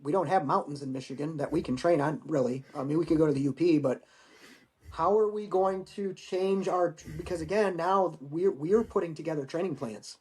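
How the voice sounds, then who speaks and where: Man in his forties, veteran guest, profane storyteller, slightly raised pitch. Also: a little fast. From United States. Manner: profane, animated storyteller acting out dialogue. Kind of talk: casual storytelling interview.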